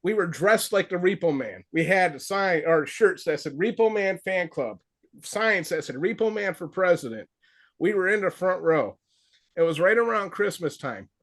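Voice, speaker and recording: High-voiced man telling wrestling stories. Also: normal speed. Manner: animated storyteller, acts out quotes in a raised voice. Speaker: veteran wrestler and trainer. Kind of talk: casual storytelling advice.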